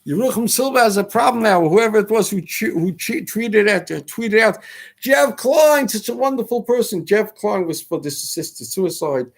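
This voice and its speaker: This male talk show host has a high voice with vocal fry, a moderate pace and hardly any pauses. His political monologue is preachy and emphatic, full of rhetorical questions, Hebrew and Yiddish terms, and mocking imitations of critics.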